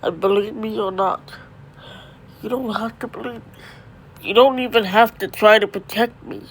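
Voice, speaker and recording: A woman voicing a gentle, devoted father who speaks softly and reassuringly to his son in a homemade drama. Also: medium pitch, fairly even intonation, normal speed, slight background noise, close to an everyday voice, rough recording. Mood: tender.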